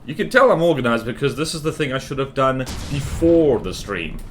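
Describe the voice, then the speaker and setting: A man's voice: medium pitch, sing-song, fairly quick, slight background noise. A young man chatting casually on a game livestream, rambling and joking as he greets viewers by name. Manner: rambling, self-mocking, greets chat by name. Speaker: streamer. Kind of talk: casual gaming livestream chat.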